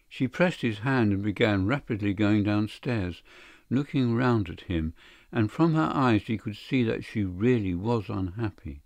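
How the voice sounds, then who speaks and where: A man narrating a classic short story in a measured, steady audiobook reading. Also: lowish voice, gravelly, no room sound. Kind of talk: scripted literary narration.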